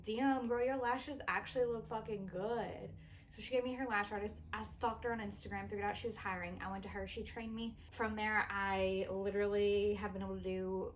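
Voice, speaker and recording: A woman's voice: medium pitch, a little hiss or hum, low-quality recording. A woman in her thirties, a mother and vlogger, rambling casually to the camera with a lot of swearing and filler words. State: a bit out of breath. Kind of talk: casual talking-to-camera chat.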